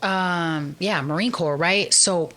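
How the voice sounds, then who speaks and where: Woman, bright forceful voice, lowish pitch, earnest candid storytelling. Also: slow. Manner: earnest, lively, with frequent "um" and "like". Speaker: podcast guest. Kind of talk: candid personal storytelling in a conversation.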